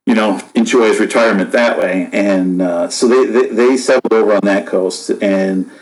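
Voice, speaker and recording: A man in his fifties from upstate New York, a podcast guest telling stories in a relaxed, rambling way with lots of fillers. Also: fairly low pitch, moderate pace, rough recording. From Buffalo, New York, USA. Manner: rambling, laid-back, many fillers and restarts. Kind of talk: casual storytelling chat.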